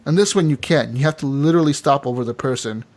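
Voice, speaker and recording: A man telling game stories on a casual gaming podcast. He talks with loose, excited energy and swears freely, tossing in "dude" and "man" as he goes. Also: medium pitch, quick pace. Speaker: podcast co-host.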